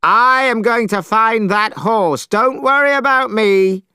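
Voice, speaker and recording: A man voicing a brash, hot-tempered male monkey hero in a storybook reading, shouting and scolding. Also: sits high, a little slow, clean tone, no room sound, clean studio sound, pitched above the performer's own voice, exaggerated voice.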